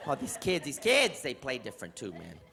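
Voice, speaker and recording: A man's voice: mid-range voice, brisk, gravelly, a crowd in the background, noisy background. A middle-aged man from New York City doing stand-up comedy on a theater stage, telling exasperated stories and acting them out. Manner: animated, exasperated storytelling with act-outs.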